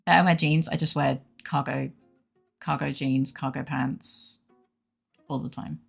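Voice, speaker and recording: A young woman streams with faint music behind her, chatting casually with viewers, laughing a lot and swearing freely. She's feverish and unwell, and her voice is extremely low-pitched with vocal fry and a slight roughness, steady in tone and unhurried.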